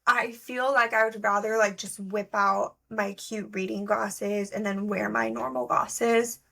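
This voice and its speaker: A young woman on a podcast co-hosting gig tells casual, chatty stories loaded with fillers. Her medium-pitched voice is gravelly and fairly bright, and she talks a little slowly.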